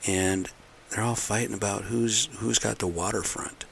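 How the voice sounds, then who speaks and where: A man's voice: fairly low pitch, fairly even intonation, moderate pace, gravelly, a bit bright, a little hiss or hum. A middle-aged man in a casual, rambling monologue, blunt and aggrieved, repeating himself as he rants. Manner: aggrieved, blunt, repetitive ranting.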